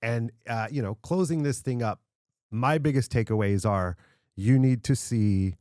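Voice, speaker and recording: A man co-hosting a casual podcast, retelling a favourite film with animated, stumbling enthusiasm. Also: medium pitch, unhurried, no echo, studio quality. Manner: animated storytelling, stumbles and repeats words. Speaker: podcast co-host.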